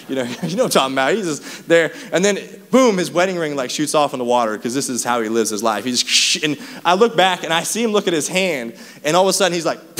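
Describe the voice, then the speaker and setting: A man's voice: mid-range voice, fairly bright tone, in a large hall. A man preaching a sermon as pastor, telling stories casually and laughing often. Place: church auditorium.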